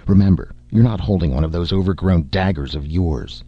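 A man voicing a blunt, scornful barbarian warrior with a husky growl, in a dull lo-fi recording. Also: low-pitched, brisk, no echo. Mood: gruff, dry. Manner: dry, curt, mocking.

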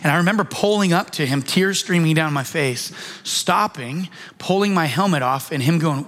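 High-voiced man telling a sermon story. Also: normal speed, a bit bright. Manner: conversational, restarts and fillers, acts out quoted lines. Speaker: pastor.

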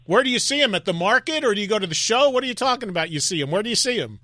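A man's voice: sits high, expressive, very fast, pushed and bright, dry recording, studio quality. A man hosting a radio call-in show, chatty and joking as he leads the talk and takes callers.

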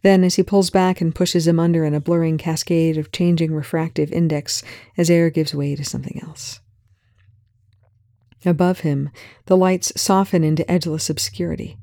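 Story narrator, gravelly voice, mellow dark tone, dry close sound, measured, whispers at tense spots. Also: mid-range voice, fairly even intonation, dry recording. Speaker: fan fiction reader. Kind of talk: audiobook narration.

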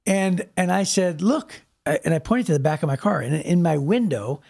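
A man's voice: a little high, brisk, creaky, a little mellow. A man from Ohio, a pastor, telling stories in a casual chat with lots of restarts and repeated words. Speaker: pastor and podcast co-host.

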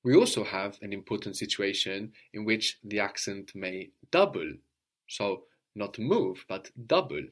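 A man's voice: on the low side, animated, measured pace. Patient male language teacher. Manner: patient, explains then models phrases for the student to repeat. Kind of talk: conversational language lesson.

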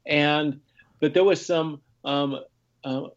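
A man's voice: fairly high pitch, fairly even intonation, slow, muffled recording. Rambling man telling race stories. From United States. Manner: rambling storyteller with frequent restarts and laughs. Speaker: podcast guest, ultrarunner. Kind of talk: casual conversation.

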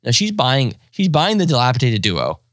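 Man, podcast co-host, casual chat, animated, quotes acted out with gusto, dry close mic. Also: mid-range voice, normal speed, no echo. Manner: animated, laughing, acting out quotes in exaggerated voices.

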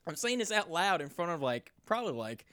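A man's voice: very animated, fairly quick, clean tone, no echo, studio quality. Rambling, swearing young man telling a story. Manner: rambling, profane, gets loud and high when riled. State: sore. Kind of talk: casual storytelling chat.

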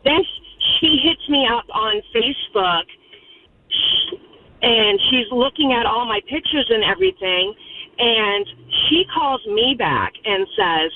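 A woman's voice: a little high, lively intonation, measured pace, a little hiss or hum. A woman calling in to a radio show, telling her story bluntly and with emphasis. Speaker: caller. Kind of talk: phone-in storytelling. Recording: tinny phone line.

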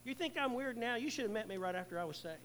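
A middle-aged male pastor preaching a sermon, earnestly, swelling loud and then dropping to a hush. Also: very high-pitched, lively intonation, quick pace, slight background noise, low-quality recording.

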